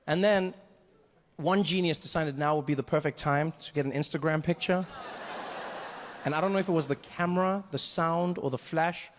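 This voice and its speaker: A male stand-up comedian on a live stage, telling a story with an animated delivery and slipping into characters. His speaking voice sits fairly high for a man. Audience laughter and steady hiss run under the mic. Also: normal speed, big-room sound. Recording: live show with audience noise.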